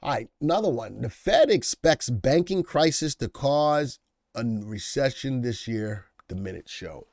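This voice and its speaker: A man's voice: mid-range voice, expressive, unhurried, creaky, darkish tone, no echo. A man hosting a live stock market stream, reading news headlines aloud and riffing casually on them while answering viewers in the chat. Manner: chatty, reads headlines then riffs, addresses chat viewers by name. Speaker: livestream market show host.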